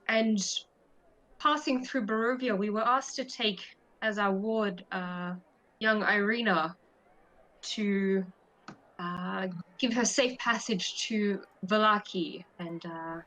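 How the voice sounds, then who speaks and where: A woman voicing a formal noble lady, explaining herself in measured, courteous terms. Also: mid-range voice, a bit bright. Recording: dull lo-fi audio.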